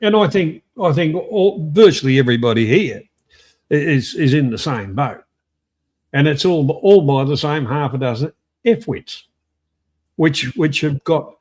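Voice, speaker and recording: A man's voice: medium pitch, animated, unhurried, a little mellow. An English man hosting a casual live stream, talking with hesitant restarts and greeting viewers in the chat. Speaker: stream host.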